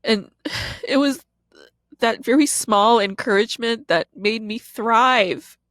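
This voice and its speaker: A woman's voice: a little high, takes it slowly, a bit bright, no room sound. A woman in her thirties, a podcast host and comedian, giving a raw confessional monologue in a blunt, profane way.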